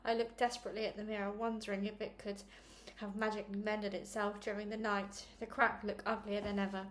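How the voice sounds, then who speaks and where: A woman who hosts a read-along channel, chatty and upbeat before reading a chapter aloud in a steady narration. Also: medium pitch, a little fast. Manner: chatty and upbeat, self-deprecating. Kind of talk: casual intro, then read-along narration.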